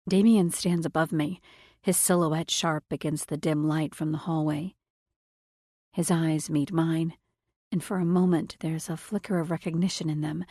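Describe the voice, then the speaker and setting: Low-voiced woman narrating an audiobook. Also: dark tone, no echo, studio quality. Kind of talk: scripted first-person narration.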